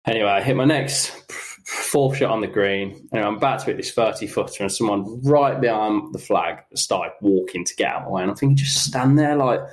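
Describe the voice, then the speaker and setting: A young man, a pro golfer, telling animated, self-mocking stories about his round in casual podcast chat. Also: fairly low pitch. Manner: animated, self-mocking anecdotes with quick asides. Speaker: professional golfer guest.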